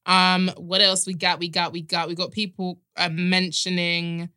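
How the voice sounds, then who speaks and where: A woman's voice: fairly low pitch, flat delivery, moderate pace, clean tone, no echo, clean studio sound. A woman hosting a podcast, chatting casually, teasing her co-hosts and often breaking into giggles. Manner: giggly, teasing, loud bursts. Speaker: podcast host. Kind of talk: casual chat. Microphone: studio mic.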